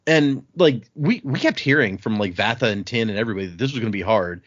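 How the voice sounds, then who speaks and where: A man co-hosting a casual book discussion, animatedly retelling scenes and putting on quick voices for the characters. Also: on the low side, expressive, no echo. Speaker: podcast co-host. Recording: dull lo-fi audio.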